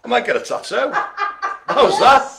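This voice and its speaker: A man's voice: very high-pitched, expressive, moderate pace, gravelly, background noise. A man hosting a live bingo game, calling out numbers and rambling through jokey asides. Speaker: bingo host.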